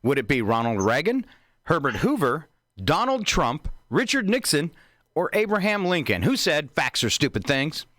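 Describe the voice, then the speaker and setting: A man's voice: fairly high pitch, big pitch swings, normal speed, a bit bright, no room sound, studio quality. A man co-hosting a casual live stream, asking trivia questions and laughing often. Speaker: co-host. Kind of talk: casual trivia quiz chat.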